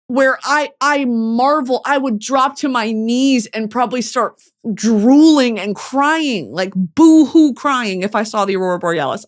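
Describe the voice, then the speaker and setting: A woman's voice: on the high side, unhurried. A young woman hosting a podcast, talking casually and animatedly, cursing often and getting emotional. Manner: animated, swears a lot, turns tearful and emotional. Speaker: podcast host.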